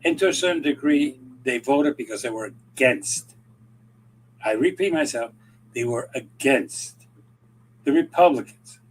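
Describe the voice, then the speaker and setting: A husky man talks politics in a loose, rambling way. He acts out the conversations he quotes and keeps jumping his voice up and down. His tone stays chatty and unscripted. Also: medium pitch, animated, measured pace, pauses often, low-quality recording. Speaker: regular commentator. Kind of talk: casual political chat.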